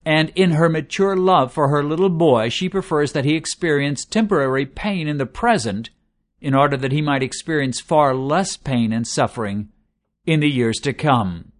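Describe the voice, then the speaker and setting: A man preaching a sermon in an earnest, measured way, slowing down to stress lists of words. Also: on the high side.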